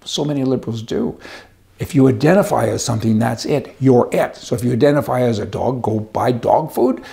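A man's voice: medium pitch, brisk, gravelly, mellow. A man delivering a rambling, indignant opinion monologue with a sarcastic edge. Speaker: commentator.

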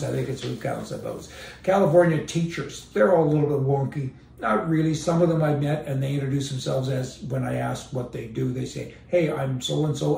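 Man, casual sarcastic commentator, gravelly voice, recorded in an echoey room away from the mic. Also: on the high side, a little mellow, far from the mic, a little hiss or hum. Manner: sarcastic, storytelling with quoted dialogue. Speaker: political commentator. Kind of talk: casual political rant.

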